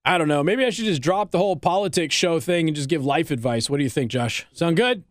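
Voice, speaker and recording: A man's voice: fairly high pitch, fast talker, no room sound. A man hosting talk radio, giving blunt, teasing advice in an opinionated monologue. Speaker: radio talk show host. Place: radio studio.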